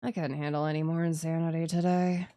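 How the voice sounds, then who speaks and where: A woman's voice: sits low, flat delivery, a little fast, dark tone. A woman VTuber streamer reading a game's narration aloud and making self-mocking asides.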